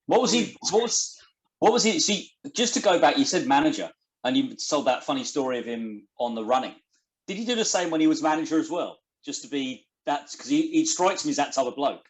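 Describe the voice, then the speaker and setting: A man's voice: on the high side, expressive, fairly quick. A man hosting a podcast, asking long, meandering questions and rephrasing them as he goes. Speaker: podcast host. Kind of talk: casual interview questions.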